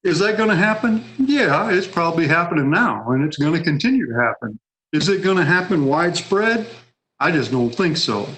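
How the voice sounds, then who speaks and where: A man's voice: fairly high pitch, sing-song, moderate pace, fairly bright tone, poor audio. A man speaking at a public policy meeting, conversational and hedging, acting out what others might say. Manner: conversational, hedging, acts out quotes.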